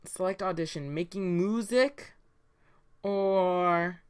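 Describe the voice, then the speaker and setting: A woman's voice: fairly low pitch, slow, clean tone. Chatty woman gaming host. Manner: chatty, many fillers, giggly. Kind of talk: casual let's play commentary.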